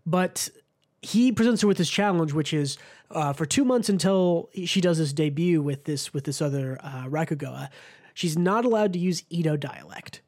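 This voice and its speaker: Man, podcast host, higher-pitched, loose chatty delivery with frequent fillers. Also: moderate pace, a little mellow. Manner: chatty, many ums and restarts. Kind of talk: casual podcast chat.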